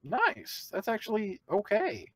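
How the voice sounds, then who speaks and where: A man's voice: sits high, wildly swooping pitch, a little slow, a bit bright. A man co-hosting a wrestling podcast in casual chat, joking and swearing, rambling with restarts. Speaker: podcast co-host.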